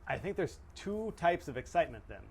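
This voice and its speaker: A man's voice: fairly high pitch, sing-song, fairly quick, gravelly, a little hiss or hum. A man hosting a podcast interview, reflective and hesitant, thinking aloud with many restarts. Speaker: podcast host. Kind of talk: casual interview conversation.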